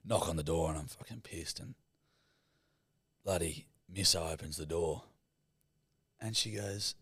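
A man's voice: sits low, measured pace, long pauses, a bit bright, slightly rough, no echo, studio quality. A man co-hosting a podcast, swearing constantly and telling crude yarns in casual banter. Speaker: podcast co-host.

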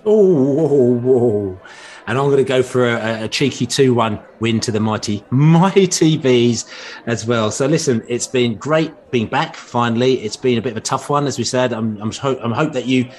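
A man's voice: mid-range voice, a little fast, hardly any pauses. Rambling man hosting a fan podcast. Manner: rambling, repeats himself, warm asides. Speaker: podcast host. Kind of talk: casual fan podcast chat. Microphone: remote call mic.

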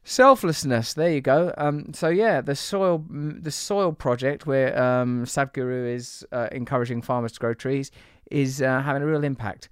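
A man's voice: mid-range voice, moderate pace, hardly any pauses, clear, resonant tone, no room sound, studio quality. A man hosting a podcast in casual chat, playful and teasing, rambling from thought to thought. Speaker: podcast host.

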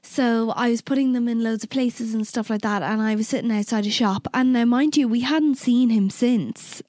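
A woman's voice: fairly high pitch, moderate pace, a little mellow, dry recording, clean studio sound. A young woman, co-hosting a podcast, telling a personal story in casual chat, candid and swearing freely. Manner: candid, swears freely, acts out quoted exchanges. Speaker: podcast co-host.

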